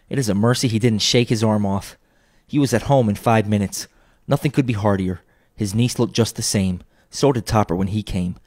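Low-voiced male audiobook narrator. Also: darkish tone, no echo, studio quality.

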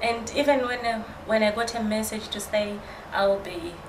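A woman's voice: medium pitch, steady tone, normal speed. A woman guest earnestly telling her story in casual conversation. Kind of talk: casual chat. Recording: roomy with background noise.

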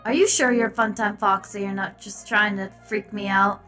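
A woman's voice: medium pitch, steady tone, moderate pace, sharp tone, soft background music, close to an everyday voice. A woman voicing a jumpy female animatronic chicken who shrieks and stammers her apologies in a fan cartoon. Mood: nervous.

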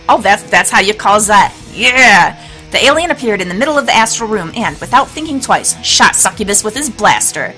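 Her mid-range voice is animated and sharp-toned at normal speed as she hosts a let's play, narrating a storybook game aloud with chatty, laughing asides. Soft background music accompanies her.

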